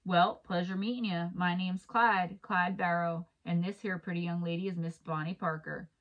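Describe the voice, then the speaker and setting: A woman's voice: fairly low pitch, steady tone, normal speed, dull audio, close to an everyday voice. A tipsy, grinning young outlaw, as a woman puts him on. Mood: jovial. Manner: put-on rural drawl; courtly, grinning.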